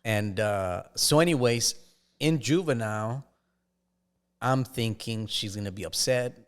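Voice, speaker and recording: A man, a podcast guest, telling his life story in a casual, halting way with frequent restarts. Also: medium pitch, clear, resonant tone.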